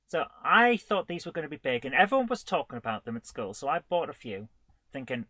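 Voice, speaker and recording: A man's voice: a little high, big pitch swings, a little fast, pushed and bright, dry recording. A man in his forties hosts a live retro gaming show, chatting casually in a rambling, self-deprecating way with chuckles. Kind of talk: casual livestream chat.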